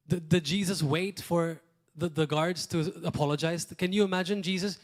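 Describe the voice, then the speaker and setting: A man from Malta preaches with earnest conviction, his voice sitting fairly high for a man. He swings between loud, emphatic lines and hushed asides, often pausing to ask his listeners a rhetorical question. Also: fairly even intonation. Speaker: pastor. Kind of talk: sermon. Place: church.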